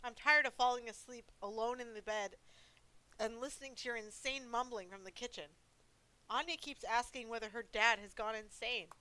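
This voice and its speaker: A frightened but angry wife in a horror game scolds her husband with exasperation, as a woman reads her lines. The voice is bright and clear. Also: on the high side, moderate pace, rough recording. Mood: exasperated.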